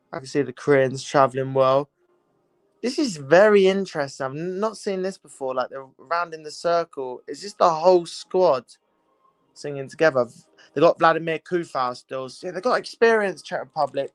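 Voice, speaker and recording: A man's voice: a little high, clear, resonant tone, no room sound. A young man hosting a live football watchalong, chatting casually, repeating himself and greeting viewers. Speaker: livestream watchalong host. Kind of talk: casual live commentary chat.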